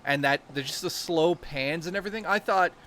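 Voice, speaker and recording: An enthusiastic man hosting a casual stream, swearing easily as he talks. His voice sits a little high for a man. Faint noise runs under the recording. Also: fairly quick, a bit bright. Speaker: stream host. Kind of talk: casual chat.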